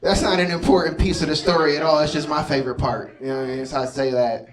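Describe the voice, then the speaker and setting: With a fairly high voice, a steady tone, and a fast pace, a thirtysomething comedian works a club stage. His set is conversational, and he often asks the crowd "you know what I mean" while they laugh. The sound is roomy and far off, with crowd laughter throughout.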